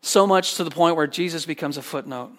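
A man's voice: on the high side, brisk, a bit bright. A man preaching a sermon as a pastor, earnest and emphatic, often repeating phrases for weight.

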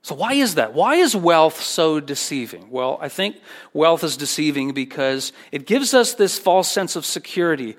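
A man's voice: on the high side, lively intonation, measured pace. A man preaching a sermon as a pastor, earnest and emphatic, often repeating phrases for weight.

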